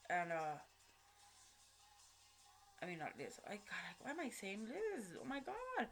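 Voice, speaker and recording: Woman vlogger, mid-pitched voice, loose and rambling, heavy swearing and slang, faint music underneath. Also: huge pitch swings, measured pace. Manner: rambling, frequent swearing and slang, many fillers and self-corrections. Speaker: vlogger telling a personal story. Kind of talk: casual spoken storytelling.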